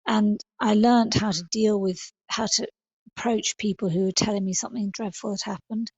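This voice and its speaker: A middle-aged woman, a podcast guest, talking in a thoughtful, halting way with many fillers and restarts. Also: mid-range voice, steady tone, a little mellow, breathy edge, no echo, dull audio. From England. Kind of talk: podcast interview.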